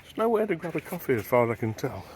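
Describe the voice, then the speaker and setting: A man's voice: medium pitch, sing-song, fast talker, darkish tone, a little hiss or hum. A man vlogging as he walks a beach at sunrise, chatting to camera and wondering aloud as he goes. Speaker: travel vlogger. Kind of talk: casual walking narration to camera. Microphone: handheld camera while walking.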